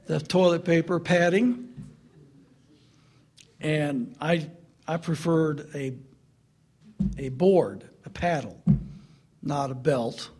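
Slow-speaking middle-aged male preacher. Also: a little high, a little hiss or hum. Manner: swings from loud laughing to hushed earnest. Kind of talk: storytelling sermon.

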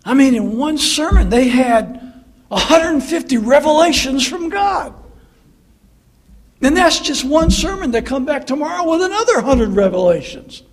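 A man's voice: very high-pitched, expressive, normal speed. A male pastor preaching a sermon in a conversational, earnest way with mocking asides.

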